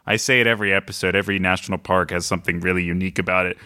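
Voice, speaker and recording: A man co-hosting a casual chat podcast, quick and teasing with a blunt edge. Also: sits low, steady tone, pushed and bright, clear, resonant tone, no room sound, clean studio sound. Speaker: podcast co-host.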